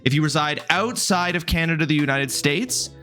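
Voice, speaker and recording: A man in his thirties talks casually through a live game stream, answering chat and greeting viewers one by one. His voice sits a little high and rings bright and forceful, with soft music faintly playing underneath. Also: normal speed. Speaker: livestreamer.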